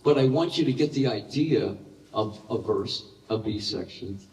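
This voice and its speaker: An older man telling animated anecdotes as a guest in a live question-and-answer session, breaking into laughter. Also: lowish voice, normal speed. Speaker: interview guest. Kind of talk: storytelling in a live Q&A. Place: large hall with live audience. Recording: roomy echoey hall, heard from a distance.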